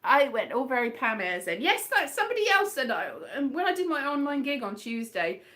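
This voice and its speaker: A woman's voice: high voice, sing-song, a little fast, sharp tone. A woman comedian with a West Country accent, rambling through a casual, self-deprecating livestream chat.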